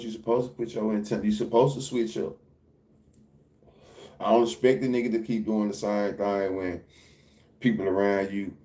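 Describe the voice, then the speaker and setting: A man's voice: medium pitch, warm tone. A man hosting a livestream, talking loosely and repetitively in casual, profane slang. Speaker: livestream reaction host.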